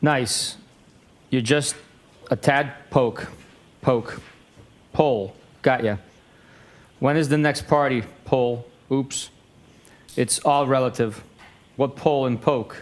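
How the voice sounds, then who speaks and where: A man with a mid-range voice reads a text message exchange aloud. His delivery is flat and matter-of-fact, with both sides of the exchange read in the same voice. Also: mid-range voice, slow, pauses often.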